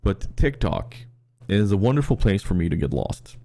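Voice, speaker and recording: Deep, gravelly, animated male storyteller. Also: moderate pace. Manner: animated storyteller, restarts often. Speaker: podcast co-host. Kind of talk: casual podcast storytelling.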